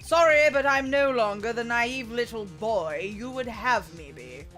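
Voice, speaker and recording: A woman's voice: fairly high pitch, expressive, unhurried, fairly bright tone, soft background music. A woman voicing a poised young male prosecutor in a put-on British accent, formal and clipped, reading game dialogue aloud. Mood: cool.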